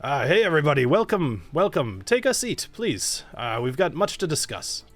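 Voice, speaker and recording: A man's voice: a little high, sing-song, normal speed, dry recording, faint music behind, voice pushed up. A man voicing a friendly male sky captain who is trying to keep up appearances. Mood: welcoming.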